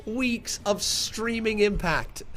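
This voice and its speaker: A man streaming live, chatting with viewers and reacting loudly to wrestling as it happens. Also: high voice, drawn-out words. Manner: loud excitable shouting calls; chatty, reads viewer comments.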